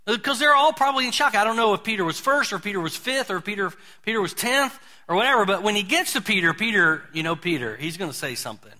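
Male pastor, high bright voice, folksy conversational sermon delivery. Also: animated, quick pace. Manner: folksy, conversational preaching with lots of repetition.

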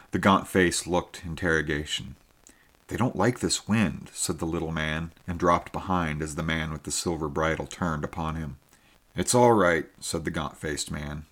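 A man narrating an adventure story in a measured, expressive reading style. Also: low-pitched. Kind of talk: scripted audiobook narration.

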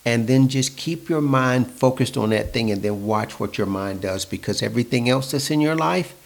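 A man in a mid-range voice gives motivational advice to the listener. His delivery is calm and instructive. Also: mid-range voice, moderate pace, vocal fry. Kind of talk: motivational talk.

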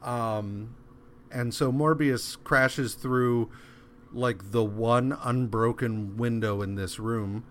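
Male podcast co-host, unhurried recap, faint hiss behind, mid pitch. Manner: relaxed, rambling retelling with quick voiced asides. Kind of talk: casual comic book recap.

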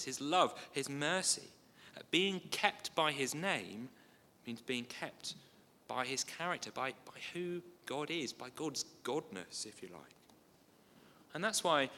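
A man preaches with a bright, forceful tone and an easy, conversational manner. He drops in small asides and light humour between readings. His voice rings with a long reverb, as if in a large hall. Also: mid-range voice, slight background noise. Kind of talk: sermon.

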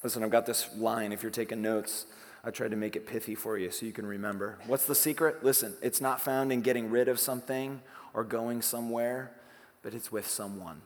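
A man preaching a sermon as pastor, talking conversationally, asking rhetorical questions and swinging between hushed lines and emphatic ones. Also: mid-range voice, steady tone, a little fast, long reverb tail.

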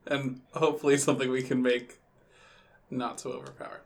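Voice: mid-range voice, level tone, brisk, gravelly. A tabletop player chatting casually about character backstory. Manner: laughs easily, recalls backstory. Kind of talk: casual podcast chat.

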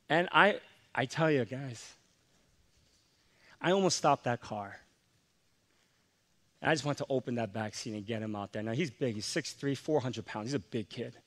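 A man's voice: mid-range voice, moderate pace, a bit bright. A man preaching a sermon, a pastor who tells a heartfelt family story in an earnest, confessional way, with emotion that swells.

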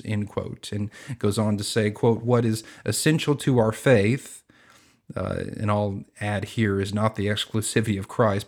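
A man with a low voice teaches Bible Greek on his podcast. He is earnest and measured, and he slows down deliberately when he quotes scripture.

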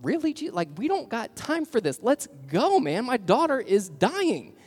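A man's voice: very high-pitched, wildly swooping pitch, measured pace, breathy edge, long reverb tail, pitched above the performer's own voice, heavily acted. A preacher putting on the voice of a desperate, impatient father who is pleading for help. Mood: exasperated.

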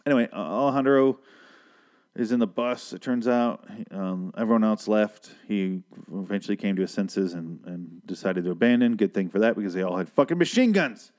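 A man's voice: fairly low pitch, a little fast, darkish tone. A man recapping a TV episode in a casual, profane rant, sarcastic and exasperated. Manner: ranting, sarcastic, heavy swearing.

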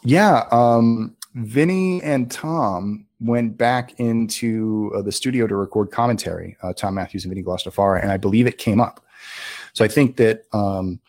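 A man, a filmmaker guest, telling stories in a casual, animated interview, full of filler words. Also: on the low side, normal speed, no echo, clean studio sound.

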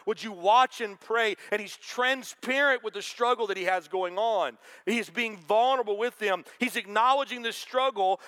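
Bright, high-voiced preaching man. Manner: conversational preaching with quoted asides. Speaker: pastor. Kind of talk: sermon.

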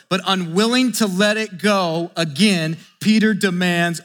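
High-voiced man preaching in a reverberant hall. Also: moderate pace, few pauses. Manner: animated, acts out scripture dialogue, drops to quiet asides. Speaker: pastor. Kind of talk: sermon.

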